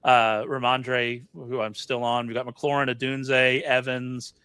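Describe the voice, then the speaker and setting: A man talking through a fantasy football draft in casual chat, chatty and quick to correct himself. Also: medium pitch, flat delivery, sharp tone, clean tone, no room sound. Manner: chatty, self-correcting, laughs often.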